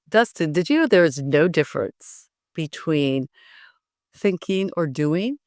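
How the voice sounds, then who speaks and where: Lively woman coaching public speaking. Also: low-pitched, no room sound, clean studio sound. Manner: lively, laughs often while demonstrating. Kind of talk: instructive interview talk.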